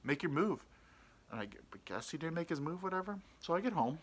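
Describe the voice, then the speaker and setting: A man's voice: a little high, very animated, very fast. A young man hosting a podcast, telling a crude, self-mocking story in a rambling way, with lots of ums and uhs. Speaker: podcast host. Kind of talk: casual storytelling.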